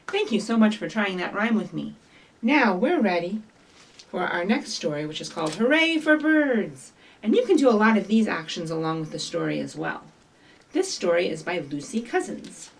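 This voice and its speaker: A woman reading a picture book aloud and leading rhymes for young children, in an animated, sing-song way with bright bird calls and prompts to join in. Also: medium pitch, measured pace, vocal fry. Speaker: children's librarian leading story time. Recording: voice from some distance from the mic.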